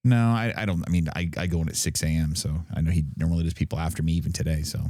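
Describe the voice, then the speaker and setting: A man with a very deep voice chats easily on a podcast, relaxed and joking, with brief replies between longer turns. His voice sits close and dry on the mic. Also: racing, no echo. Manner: laid-back, short reactions, joking. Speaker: podcast co-host. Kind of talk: casual chat.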